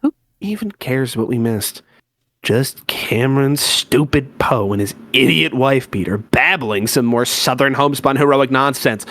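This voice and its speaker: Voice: medium pitch, lively intonation, unhurried, fairly bright tone, no echo. A voice actor doing a sulky teenage boy ranting. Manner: ranting, sarcastic and exasperated. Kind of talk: fan voice-acted comic reading.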